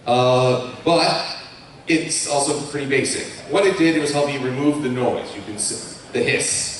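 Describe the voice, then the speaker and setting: A man's voice: mid-range voice, unhurried. A young man from Colorado giving a chatty, self-mocking talk as a YouTuber on a live convention panel. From Colorado, USA. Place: large convention hall with an audience. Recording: echoey hall from far off, faint hiss.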